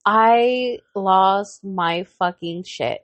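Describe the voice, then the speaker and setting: A woman in her thirties co-hosts a podcast, telling a heated story in casual chat with plenty of swearing and acted-out quotes. She draws out her words in a medium-pitched voice, and the recording is dry.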